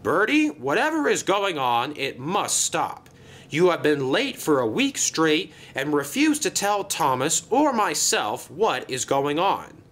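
A man's voice: medium pitch, very animated, a little slow, a bit bright, slight background noise. A man doing Sir Topham Hatt, stern railway boss. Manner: formal and stern. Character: stern, pompous male railway controller.

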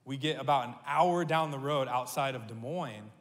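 Storytelling pastor in an echoey hall. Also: male voice, medium pitch, moderate pace. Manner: animated, humorous storytelling. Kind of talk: sermon. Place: church sanctuary.

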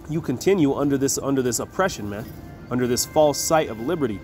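A man teaching scripture, reading verses slowly and with emphasis, then explaining them in loose everyday talk with a faint music bed behind. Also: medium pitch, expressive, darkish tone. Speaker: Bible teacher. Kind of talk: scripture reading with casual commentary.

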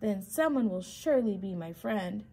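A woman voicing a big male wolf who is lonely and trying to be good, speaking politely and gently. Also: medium pitch, expressive, moderate pace, slightly rough.

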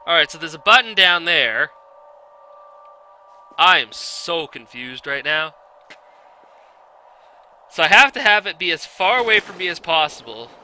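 A man giving blind let's play commentary, exasperated, swearing often and yelling at the game. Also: a little high, expressive, unhurried, long pauses, slight background noise.

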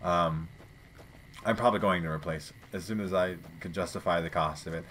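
A man's voice: deep voice, steady tone, normal speed, fairly bright tone, a little hiss or hum. A man giving casual, rambling gameplay commentary, swearing freely and chatting to his viewers. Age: adult parent. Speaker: let's play gamer.

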